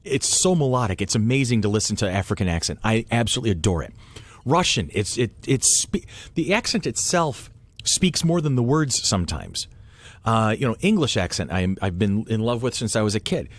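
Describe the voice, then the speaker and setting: Animated man hosting a panel chat. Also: fairly low pitch. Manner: animated, halting with many restarts. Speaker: podcast host. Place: convention panel room.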